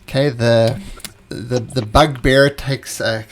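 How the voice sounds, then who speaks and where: A man's voice: mid-range voice, steady tone, slow pace, a little hiss or hum. A man running a tabletop game as game master, narrating in a chatty, easygoing way and laughing often.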